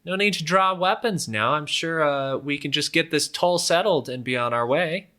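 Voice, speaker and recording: A man voicing a smooth-talking male bandit who falsely demands a road toll, in a wheedling, overly friendly tone. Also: on the high side, moderate pace, pushed and bright, voice pushed up.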